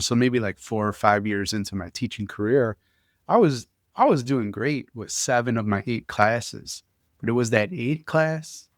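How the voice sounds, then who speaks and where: A man hosting a podcast who tells stories in an animated, casual way, often restarting his sentences. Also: mid-range voice, no echo, clean studio sound. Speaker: podcast host. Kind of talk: casual conversational storytelling.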